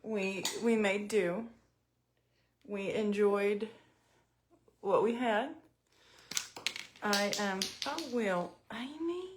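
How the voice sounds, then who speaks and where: A woman's voice: mid-range voice, drawn-out words, pauses often. A middle-aged woman chatting at home in a casual storytelling vlog while doing her makeup, self-mocking and talkative.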